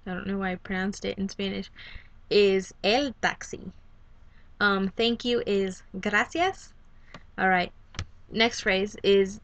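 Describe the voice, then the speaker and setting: A woman's voice: medium pitch, a bit bright, dry recording. A young woman casually teaching a Spanish lesson, rambling with many ums and self-corrections. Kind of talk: casual online language lesson.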